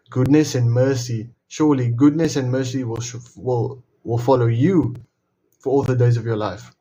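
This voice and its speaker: A man's voice: mid-range voice, steady tone, warm tone, slight background noise, rough recording. A man hosting a casual devotional Bible talk, earnest, often repeating and restarting his phrases. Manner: earnest, repeats and restarts phrases, slows to read verses aloud. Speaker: Bible reading video host.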